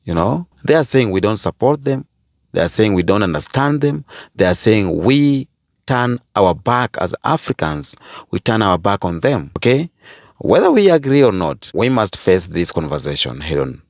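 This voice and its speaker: A man from Kenya hosts commentary in a very deep voice with a gravelly, fried edge. He speaks earnestly and addresses his viewers head-on, and the sound is dry and close. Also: very animated, normal speed, dry recording. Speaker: host.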